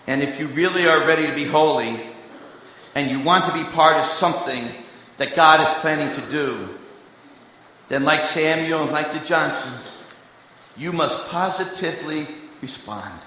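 A man preaching in a large hall, his voice bright and forceful. His story moves between hushed asides and strong emphasis, and every word rings out with a long, echoing reverb. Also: a little high, moderate pace, a little hiss or hum. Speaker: preacher and candidate recruiter. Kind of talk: sermon.

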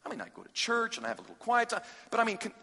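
A high, lively male preacher with a bright, husky voice. He delivers a sermon with drama, swinging from urgent, loud passages to hushed, near-whispered ones, and his voice rings with long reverb in a large hall. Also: very fast.

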